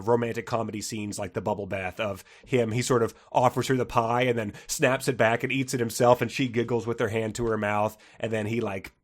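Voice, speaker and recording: A man co-hosting a comedy book podcast, chatting casually, laughing often and reading passages aloud with mock drama. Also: lowish voice. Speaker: podcast co-host.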